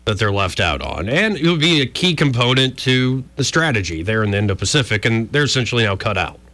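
Bright-voiced joking radio host man. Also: medium pitch, very animated, fairly quick. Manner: wry, joking, rambling asides. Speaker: radio talk show host. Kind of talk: casual talk radio banter.

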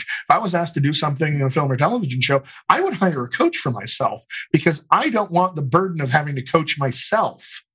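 A man who works as a dialect coach and actor, answering interview questions in a thoughtful, explanatory way, often pausing on "you know" and restarting phrases. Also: on the high side, bright, forceful tone, breathy edge.

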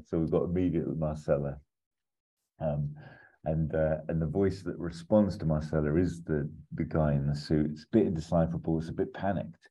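A man casually pitching a film plot as a podcast host, rambling, laughing often and swearing. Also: steady tone, normal speed, dark tone, husky, dull audio.

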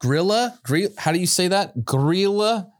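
A man's voice: medium pitch, expressive, normal speed. A man co-hosting a casual podcast who jokes around, laughs through his lines and reads out holiday legends. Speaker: podcast co-host.

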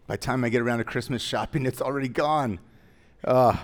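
A man's voice: medium pitch, animated, a little fast. A man pastor preaching a sermon in a conversational way, with joking asides that rise into emphatic declarations.

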